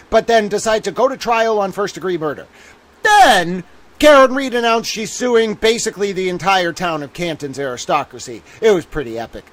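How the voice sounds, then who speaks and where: A man with a high-pitched voice hosts a solo livestream, ranting in a theatrical, exasperated way. He swears freely and says the same thing over and over. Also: fairly bright tone. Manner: exasperated, theatrical, swears often, repeats himself. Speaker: livestream legal commentator.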